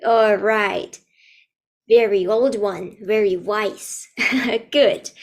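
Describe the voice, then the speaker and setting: A young woman in her twenties runs an online English lesson for kids. She speaks slowly in a fairly high voice, laughing often and explaining words plainly. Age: 20s. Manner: playful, laughs often, simple slow explanations. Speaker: English teacher.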